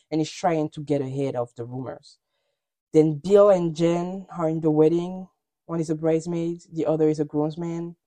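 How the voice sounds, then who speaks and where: Lively, outspoken woman podcast host. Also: on the low side, no echo. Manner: candid, gossipy, opinionated. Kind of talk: casual recap chat.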